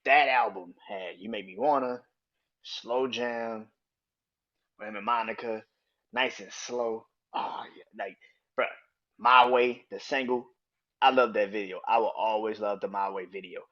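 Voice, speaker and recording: A man hosting a casual solo podcast, talking in a loose, profane, excited way and laughing often. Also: on the low side, unhurried, highs cut off. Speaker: podcast host.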